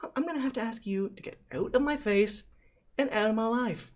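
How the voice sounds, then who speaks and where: A man's voice: very high-pitched, brisk, pitched above the performer's own voice. A man voicing a zany, hammy male teacher who rambles in a giggly, manic way. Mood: indignant.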